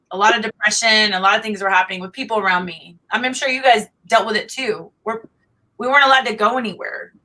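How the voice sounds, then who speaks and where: A woman's voice: mid-range voice, pushed and bright, poor audio. A middle-aged woman, chatting animatedly as a guest and laughing often. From Oklahoma. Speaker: guest singer-songwriter. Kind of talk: casual interview chat.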